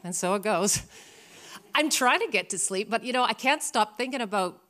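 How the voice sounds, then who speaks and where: A woman in her fifties from Canada, telling a personal story with animated, dramatic comic timing. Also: mid-range voice, normal speed.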